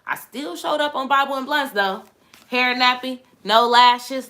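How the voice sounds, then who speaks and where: Bright, forceful young woman host. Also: medium pitch, a little fast. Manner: animated, exclamatory, addresses viewers directly. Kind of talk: casual livestream chat.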